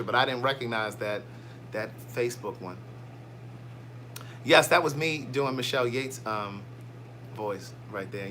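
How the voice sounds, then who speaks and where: A man's voice: medium pitch, sharp tone, slight background noise. A man hosting a casual livestream, chatty and playful as he reads out viewer comments. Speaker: livestream host.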